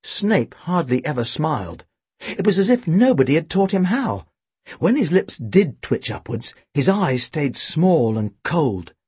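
A man narrating a storybook with a dry, wry, expressive delivery. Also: a little high, a little slow, husky, no room sound. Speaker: audiobook reader.

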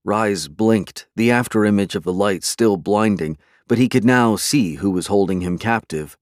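A man giving measured, dramatic scripted narration of a dark fantasy story as an audiobook narrator. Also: on the low side, no echo, clean studio sound.

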